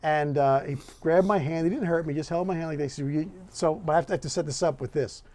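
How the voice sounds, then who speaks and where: A man hosting a podcast, who tells stories with energy and acts out the other people's lines. His voice sits a little high for a man. The sound is dry and close, with no room around it. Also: fast, dry recording. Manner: animated storyteller who acts out the dialogue. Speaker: podcast host. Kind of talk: casual chat.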